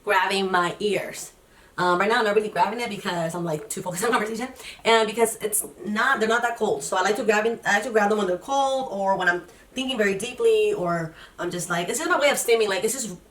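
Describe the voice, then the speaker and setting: A woman's voice: mid-range voice, quick pace, fairly bright tone, far from the mic, a little hiss or hum. A young woman vlogging in a chatty, rambling way, full of fillers and restarts. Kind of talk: casual personal vlog. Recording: echoey room, voice off-mic.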